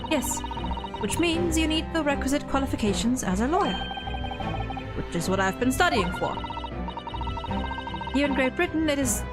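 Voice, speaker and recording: A woman's voice: high-pitched, lively intonation, normal speed, long pauses, pitched above the performer's own voice. A woman reading a polite, composed young female assistant's game lines, explaining things patiently. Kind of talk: reading game dialogue aloud. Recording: game music playing behind.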